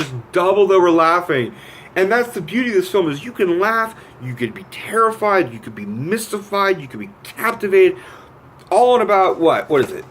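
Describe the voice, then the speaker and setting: A man giving a casual, profane film rant. He retells scenes with lively quoted voices and gets animated as he goes. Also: on the high side, slight background noise. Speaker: movie reviewer.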